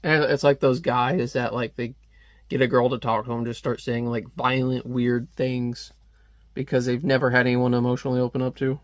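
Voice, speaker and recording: A man's voice: mid-range voice, level tone, normal speed, dry recording. A man chatting casually as a comic reviewer, rambling with lots of fillers and frequent laughs. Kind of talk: casual commentary.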